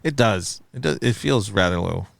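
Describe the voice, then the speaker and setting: A man in his thirties co-hosts a movie review podcast, speaking at a moderate pace in a lowish voice with vocal fry on a dry recording. He chats casually and with animation, reading a critic's review aloud and quizzically questioning it.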